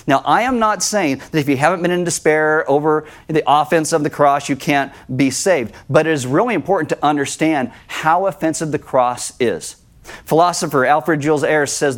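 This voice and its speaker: A man's voice: a little high, normal speed. Man preaching an earnest sermon. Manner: earnest preaching, acts out quoted voices. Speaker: pastor.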